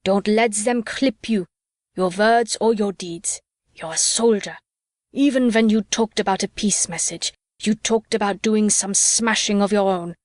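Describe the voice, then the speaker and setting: A woman's voice: medium pitch, unhurried, no room sound, clean studio sound, close to an everyday voice. A woman voicing a bitter, ranting drunk male soldier with a scornful, sneering delivery in an audiobook. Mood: pleading. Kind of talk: audiobook character reading.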